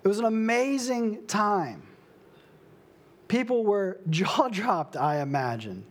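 A young adult man preaching a sermon, slow and emphatic, with dramatic pauses. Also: high-pitched, expressive. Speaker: pastor.

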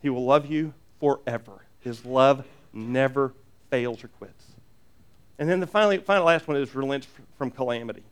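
A man preaching a sermon as pastor, earnest and animated, with jokey asides and lots of repeated restarts. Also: medium pitch, normal speed, smooth.

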